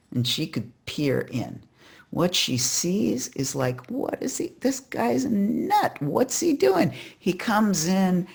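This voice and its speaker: Animated, gravelly-voiced storyteller. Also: mid-range voice. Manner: animated and conversational, acts out scenes. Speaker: storyteller leading an online Shabbat service. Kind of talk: spoken storytelling at a service. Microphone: home computer mic on a video call.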